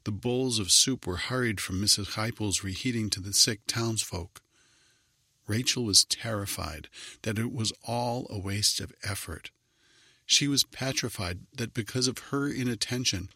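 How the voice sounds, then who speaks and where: A man narrating a children's story in an even, measured reading voice. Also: on the low side, husky, no echo, clean studio sound.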